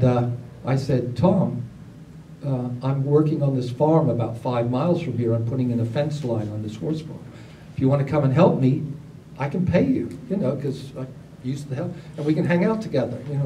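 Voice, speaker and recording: A man, telling stories to a gathering in a casual, animated way, acting out other people's lines. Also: mid-range voice, normal speed. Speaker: storyteller at a gathering. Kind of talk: casual spoken storytelling. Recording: roomy, distant mic, faint background noise.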